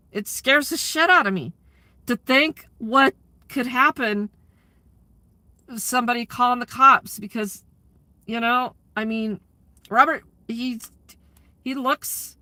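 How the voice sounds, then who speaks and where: A woman's voice: on the high side, pushed and bright, no room sound. A woman chatting candidly to her live audience, laughing often and swearing freely. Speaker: livestreamer and community aid organizer. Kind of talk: casual chat to a live audience.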